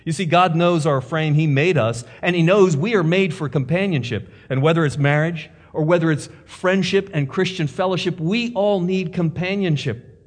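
A male pastor delivers an emphatic sermon in a fairly high voice, counting off his points and pressing rhetorical questions. His words ring out with a long reverb in what sounds like a church sanctuary. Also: normal speed. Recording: long reverb of a large hall.

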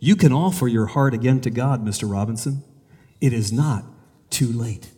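A man voicing a kind, gentle young woman, speaking softly and slowly with earnest warmth. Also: medium pitch, in a large hall, natural voice.

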